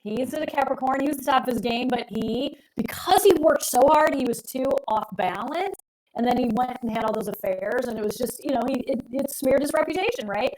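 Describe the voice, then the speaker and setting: A woman's voice: high voice, brisk, darkish tone, low-quality recording. Chatty middle-aged woman astrologer. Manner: chatty, rambling, emphatic. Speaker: astrologer co-host. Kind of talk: casual live-stream chat.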